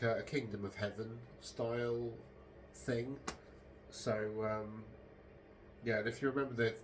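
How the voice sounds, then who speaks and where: Rambling man, low voice. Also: background noise. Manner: meandering, hesitant, full of ums and self-corrections. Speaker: podcast host. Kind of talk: casual rambling monologue.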